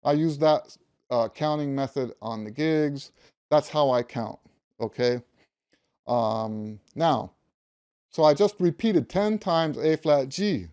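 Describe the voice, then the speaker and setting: Emphatic mellow-voiced male music teacher. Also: fairly high pitch, expressive, takes it slowly, clear, resonant tone. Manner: emphatic, repeats key words, hums note syllables. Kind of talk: instructional talk to camera.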